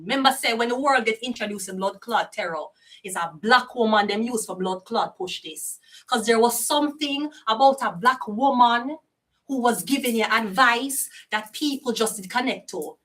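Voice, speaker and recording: A woman's voice: a little high, a bit bright, distant mic. An older Jamaican woman reading tarot in a heated, profane rant that slips into patois. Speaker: tarot reader. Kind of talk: casual ranting monologue. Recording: voice set back from the mic.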